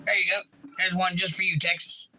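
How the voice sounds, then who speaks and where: A man's voice: sits high, little pitch movement, a little fast, over loud music. A man hosting a casual livestream, greeting chatters by name and reading their comments aloud. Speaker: livestream host. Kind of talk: casual chat reading out live chat, with singing to guitar.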